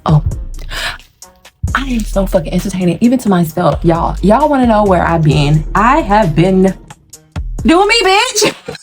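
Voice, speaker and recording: A woman's voice: fairly low pitch, lively intonation, normal speed, darkish tone, faint music behind. A woman hosting her own video channel in a casual, dramatic monologue, outspoken and full of profanity. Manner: self-affirming, outspoken. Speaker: YouTube host.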